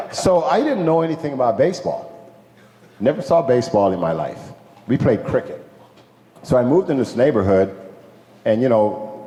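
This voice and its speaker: Older man telling stories, echoey hall. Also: fairly low pitch. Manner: animated, acts out quoted people, laughs often, swears. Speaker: former pro ballplayer, guest speaker. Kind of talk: casual storytelling to a crowd. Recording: echoey hall with long reverb.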